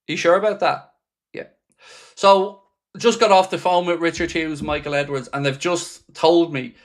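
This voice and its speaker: A man's voice: on the high side, a bit bright. A man hosting a live football watchalong, reading out viewer messages and answering them with dry, sarcastic fan commentary. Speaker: watchalong host.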